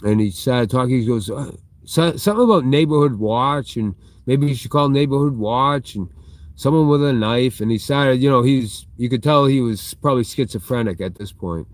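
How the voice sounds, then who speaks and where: On a live stream from inside a big retail store, a middle-aged man with an ordinary-pitched voice chats loosely at normal speed, with no echo. He wanders through a story, pausing now and then to read and answer viewer comments.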